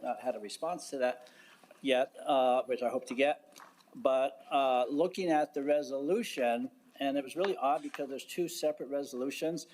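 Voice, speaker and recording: Deliberate man addressing a public board. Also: medium pitch, a little mellow. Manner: deliberate, halting, with frequent fillers and restarts. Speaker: county commissioner. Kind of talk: public meeting remarks. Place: county commission chamber.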